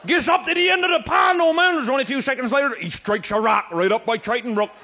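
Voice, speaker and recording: A man with a Newfoundland accent telling a comic tall tale to a live audience, shouting and laughing as he goes. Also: extremely high pitch, fast talker, creaky, husky. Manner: rollicking, shouting and laughing through a yarn. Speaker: storyteller.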